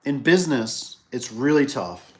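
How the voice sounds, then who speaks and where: A man's voice: mid-range voice, sing-song, a little slow, darkish tone. A middle-aged man who runs a business, chatting casually on a livestream, rambling through stories, repeating phrases and acting out the people he quotes. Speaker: business owner hosting a livestream.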